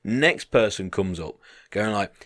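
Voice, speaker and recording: Podcast co-host, male, low pitch, dry mic; lively storyteller who swears and acts out the people in his story. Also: unhurried, no echo. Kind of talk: casual storytelling chat.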